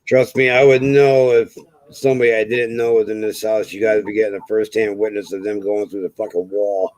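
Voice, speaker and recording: A man's voice: fairly low pitch, flat delivery, a little fast, darkish tone, dry recording, low-quality recording. A man hosting a casual homestead chat, telling stories in a laid-back way and swearing freely. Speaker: homestead channel host.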